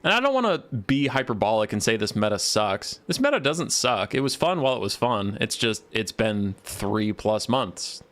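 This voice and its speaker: A man's voice: on the low side, big pitch swings, normal speed, few pauses, fairly bright tone. A young man casting a strategy game on a live stream, talking in a loose, rambling, sarcastic way. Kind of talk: casual live stream commentary.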